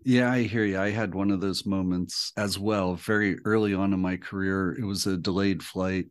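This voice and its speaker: A man co-hosting a podcast in a relaxed, easygoing casual chat. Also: deep voice, normal speed. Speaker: podcast co-host.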